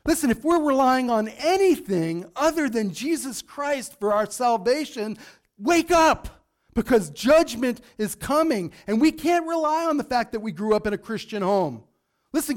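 Emphatic high-voiced male pastor preaching. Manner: emphatic, acts out scripture quotes; drops to a low intense hush on warnings. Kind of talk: sermon.

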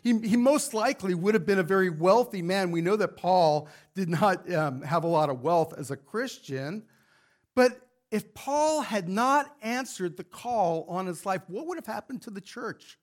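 A male pastor with a high voice and lively intonation speaks at normal speed. He delivers a fervent sermon to his congregation in the church sanctuary, building toward emphatic rhetorical questions.

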